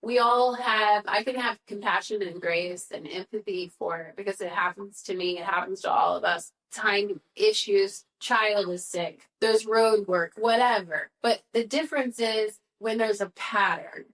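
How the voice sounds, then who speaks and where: A woman co-hosting a podcast, her voice at an ordinary middle pitch. She speaks firmly and earnestly in casual conversation. She often lays things out as lists. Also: fairly even intonation, a little slow, few pauses, fairly bright tone, rough recording. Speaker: podcast co-host.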